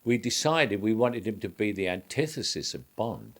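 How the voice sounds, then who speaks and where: Low-voiced older man reminiscing. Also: very animated, normal speed, a little hiss or hum. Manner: rambling recollection with frequent restarts and chuckles. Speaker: actor. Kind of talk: reminiscing interview.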